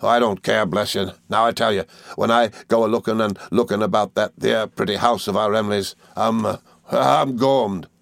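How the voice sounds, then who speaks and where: A man voicing a hearty, jovial old fisherman with a broad rustic dialect and booming laughs. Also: little pitch movement, fairly quick, gravelly, a bit bright, no room sound, studio quality.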